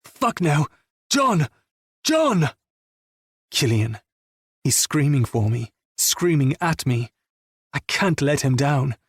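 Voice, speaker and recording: A man narrating a romance audiobook in the first person, with a subdued, intimate reading and a husky voice. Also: on the high side, dry recording, clean studio sound.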